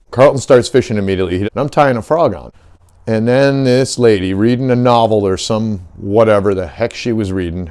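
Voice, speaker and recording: A middle-aged man with a fairly low voice, hosting a casual fishing vlog. He rants bluntly and heatedly, swearing freely as he goes. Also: a little mellow. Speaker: fishing channel host.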